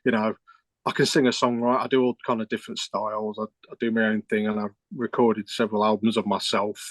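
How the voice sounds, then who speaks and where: A man's voice: lowish voice, little pitch movement, fast talker, no echo. A middle-aged man, a keyboard player, telling a rambling story with restarts and quoted dialogue in a casual interview.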